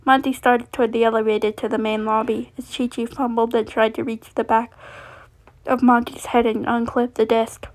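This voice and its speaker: A woman reading a fan fiction story aloud, steady, with frequent slips and restarts. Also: a little high, normal speed.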